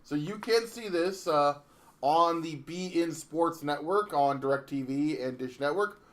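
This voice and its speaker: A man's voice: on the high side, slow, a bit bright. A man co-hosting a casual wrestling podcast, rambling through the card with lots of fillers and easy laughs. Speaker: podcast co-host.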